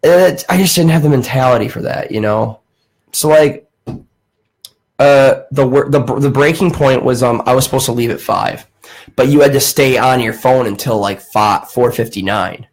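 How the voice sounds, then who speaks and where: Young male podcast host, average pitch, lively casual storyteller who acts out quoted voices. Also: moderate pace, breathy edge, rough recording.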